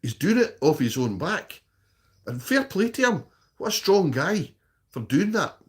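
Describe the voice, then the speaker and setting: A man's voice: high-pitched, sing-song, unhurried. A man with a Scottish accent chatting casually on a live stream, reading out and answering viewers' comments in a blunt, sweary way and often tagging "okay?" onto his sentences.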